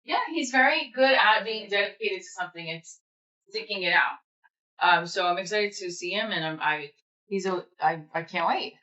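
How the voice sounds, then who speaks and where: A woman's voice: mid-range voice, normal speed, pushed and bright, highs cut off. A young woman rambling casually through a home livestream, chatting and answering comments with the odd swear word. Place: room at home.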